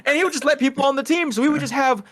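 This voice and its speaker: Fast-talking high-voiced man telling stories. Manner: animated, profane trash talk, acts out quotes. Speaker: podcast guest. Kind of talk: casual chat, storytelling.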